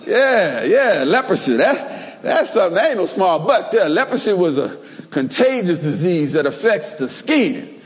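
A man preaching a lively, humorous sermon in a church, with call-and-response. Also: sits high, unhurried. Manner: animated, call-and-response, plays jokey role examples. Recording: long reverb of a church hall.

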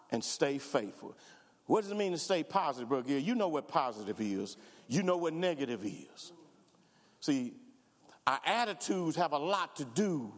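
Male pastor, sermon delivery, higher voice, voices the prayers of his flock, long hall reverb. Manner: preaching with rising fervor, voicing imagined congregants and prayers.

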